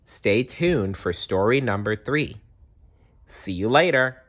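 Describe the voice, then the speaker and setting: Slow, lively male storyteller. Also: mid-range voice. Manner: slow, expressive reading with small self-corrections. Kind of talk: children's story read-aloud.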